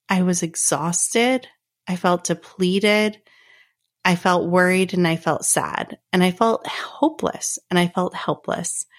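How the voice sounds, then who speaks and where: A woman hosting her own podcast, talking in a heartfelt, earnest way with repeated phrases. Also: fairly low pitch. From Canada. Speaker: podcast host. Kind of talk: personal podcast monologue.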